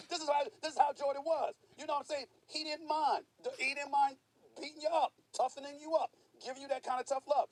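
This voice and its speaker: A male sports commentator arguing his point emphatically, with a high voice and a fast clip. He builds up to forceful bursts. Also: steady tone, noisy background.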